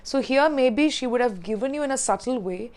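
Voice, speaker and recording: A woman's voice: fairly high pitch, lively intonation, a little fast, a little mellow. A woman with an Indian English accent, an English communication coach patiently telling a lesson story about a learner. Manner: explains patiently, recounts learner's words in quotes.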